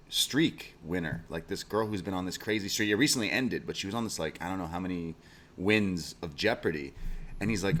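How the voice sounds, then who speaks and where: A man's voice: low-pitched, a bit bright, a little hiss or hum. A man co-hosting a podcast, telling rambling stories in a casual chat, swearing and laughing as he goes. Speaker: podcast co-host.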